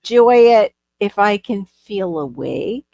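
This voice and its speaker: Gravelly-voiced woman in casual chat. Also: medium pitch, animated, measured pace, mellow, no room sound. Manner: chatty, bubbly, laughs easily. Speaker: live stream host.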